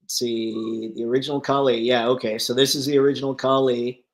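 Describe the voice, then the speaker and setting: A man's voice: medium pitch, flat delivery, fairly quick. Chatty man hosting a toy livestream. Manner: chatty, reads viewer comments aloud and riffs on them; thinks aloud while browsing online listings. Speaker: livestream host. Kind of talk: casual live chat.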